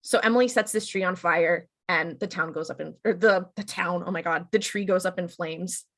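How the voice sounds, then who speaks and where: A woman co-hosting a podcast, chatting through an episode recap and quickly acting out the characters' lines. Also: lowish voice, a bit bright. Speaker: podcast co-host.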